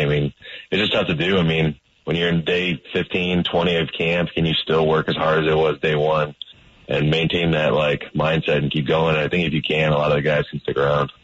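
A man, a pro football player, talking casually as an interview guest in a modest, halting way with restarts. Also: very deep voice, a bit bright, slightly rough, no echo. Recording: dull lo-fi radio sound.

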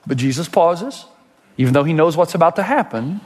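A man preaching a sermon as pastor, dramatic, rising to loud high outbursts and dropping to slow hushed passages. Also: expressive, long reverb tail, slight background noise.

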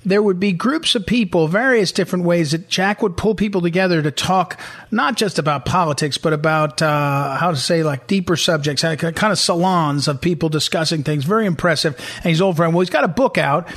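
Middle-aged guy doing political talk radio, high-ish voice, keeps hammering the same point. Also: a little fast, a bit bright. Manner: emphatic and repetitive, hammering points home. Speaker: radio show host.

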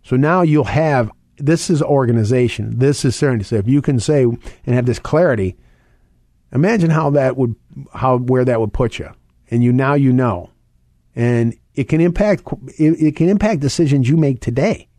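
A middle-aged man hosting a financial radio show, talking quickly and conversationally and repeating his key points. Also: mid-range voice, dark tone, no room sound, studio quality. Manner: fast, conversational, repeats points and phone numbers. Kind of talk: radio talk segment.

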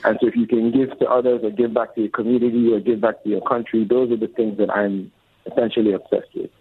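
This guest, a man in his forties who co-founded a record label, talks quickly in a fairly low, flat voice with a breathy edge. He sounds earnest and reflective in a casual interview. Faint music plays beneath dull, lo-fi audio.

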